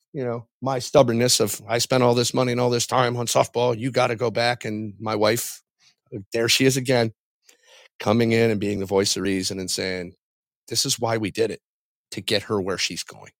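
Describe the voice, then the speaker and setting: A middle-aged man tells his faith testimony as a podcast guest, pausing and restarting often as he speaks from the heart. His mid-pitched voice has a gravelly, creaky edge. The sound is dry and close. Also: dry recording. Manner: halting and heartfelt, with frequent pauses and restarts.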